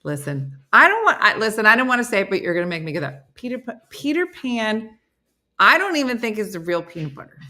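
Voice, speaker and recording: A woman's voice: mid-range voice, sing-song, fast, pushed and bright. A middle-aged woman hosting a casual live stream, reading viewer comments aloud with playful, laughing asides.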